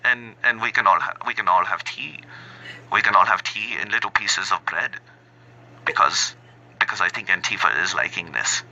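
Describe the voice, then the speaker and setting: A man putting on a bumbling, halting German accent, playing an overly polite German man who keeps searching for his words. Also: low voice, vocal fry, bright, forceful tone, muffled recording, full character voice. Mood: mocking. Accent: put-on German.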